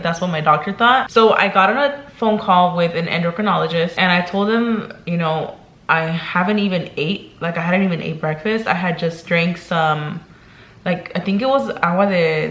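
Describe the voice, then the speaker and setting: A woman's voice: fairly low pitch, fairly bright tone, echoey room. A young woman vlogging in casual chat, talking chattily and emotionally, filling her talk with "like" and "girl".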